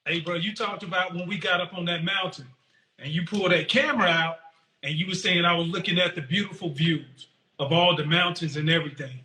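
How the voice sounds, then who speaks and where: A man's voice: high-pitched, a little fast, pushed and bright, reverberant, rough recording. A podcast host, a man, asking a long, winding interview question.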